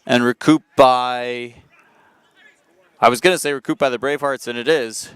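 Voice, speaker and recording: A man giving live soccer play-by-play commentary from an outdoor field, chatty and quick to correct himself. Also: medium pitch, steady tone, fairly bright tone, smooth, dry recording. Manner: chatty, self-correcting, apologetic asides.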